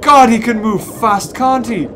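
A gaming host giving excitable let's play commentary, full of squealing exclamations. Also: mid-range voice, a little slow. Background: game music.

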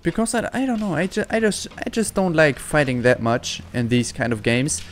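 A man's voice: on the high side, big pitch swings, moderate pace, slight background noise. A man giving let's-play commentary, frustrated and swearing often. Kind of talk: gaming commentary.

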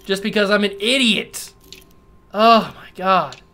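A man's voice: sits high, takes it slowly, bright, forceful tone. A young man hosting a gaming channel, giving gameplay commentary while frustrated with himself and muttering to himself. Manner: frustrated, self-scolding, talks to himself.

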